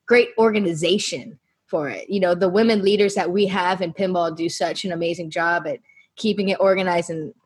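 A woman's voice: on the low side, breathy edge. A woman panelist in a casual roundtable chat, speaking upbeat and enthusiastic.

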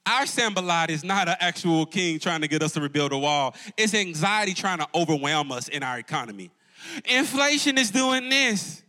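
A man's voice: fairly high pitch, lively intonation, normal speed, pushed and bright. A man preaching a live sermon to a congregation in a church as campus pastor, calling out to the crowd and swinging his voice up and down for emphasis. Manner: call-and-response preaching, rising and dropping for emphasis. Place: church auditorium before a congregation.

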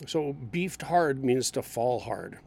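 Male ESL teacher, gravelly voice, very expressive delivery, acts out examples. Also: mid-range voice, slow, a little hiss or hum. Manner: animated, acts out example lines. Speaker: English teacher. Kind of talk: explaining idioms in a lesson.

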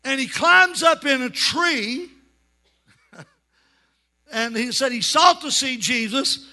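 A man preaching a revival sermon in a church, shouting and telling stories with dramatic flair. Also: very high voice, slow. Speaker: pastor. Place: church sanctuary.

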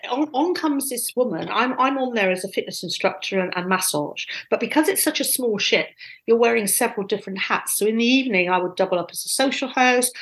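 A woman casually telling animated, self-deprecating stories from her past. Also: medium pitch, low-quality recording. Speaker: guest storyteller.

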